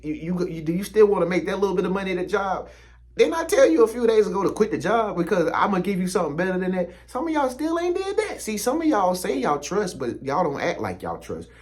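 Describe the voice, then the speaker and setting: Man, spiritual motivational talk, slangy preachy delivery, direct to viewer. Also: mid-range voice. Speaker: spiritual content creator.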